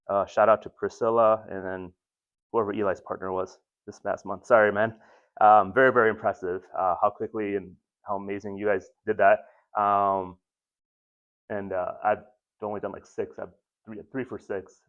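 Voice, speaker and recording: Low-voiced man giving a rambling lecture. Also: fairly bright tone. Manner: rambling, self-deprecating, many ums and restarts. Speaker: lecturer at an ambulance crew training. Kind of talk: casual training lecture. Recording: muffled lo-fi recording.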